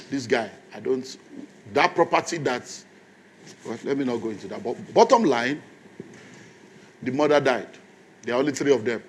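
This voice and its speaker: A man's voice: mid-range voice, slight background noise. A man, a pastor telling a story in a sermon in an emphatic, conversational way.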